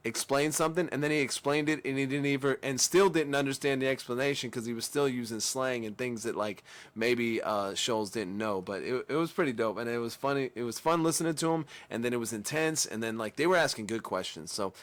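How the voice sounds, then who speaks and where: A man's voice: medium pitch, fairly quick, hardly any pauses. A man hosting a reaction video, talking casually in a rambling, self-correcting way with slang.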